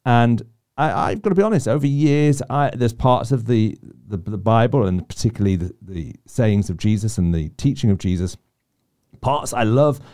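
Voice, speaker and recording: A man's voice: mid-range voice, expressive, moderate pace, warm tone. A man co-hosting a casual faith discussion, reflective and often restarting his sentences. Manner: reflective, self-interrupting. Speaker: podcast co-host.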